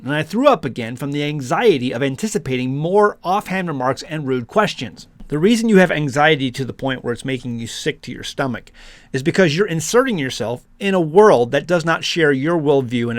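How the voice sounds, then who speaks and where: Sarcastic man with a lively voice. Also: fairly high pitch, brisk, no echo. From United States. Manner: sarcastic asides. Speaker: homesteading channel host. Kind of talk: reading an article aloud with commentary.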